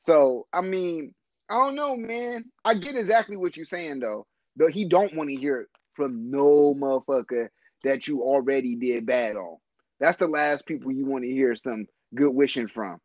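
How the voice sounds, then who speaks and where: A man's voice: medium pitch, moderate pace, no echo, dull audio. A man co-hosting a casual podcast chat, swearing freely and laughing often. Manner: profane, laughs often, animated. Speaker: podcast co-host.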